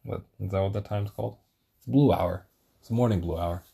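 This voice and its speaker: A man's voice: deep voice, normal speed, gravelly, mellow, breathy edge. A man hosting a solo podcast, rambling casually and swearing a lot, with self-deprecating asides.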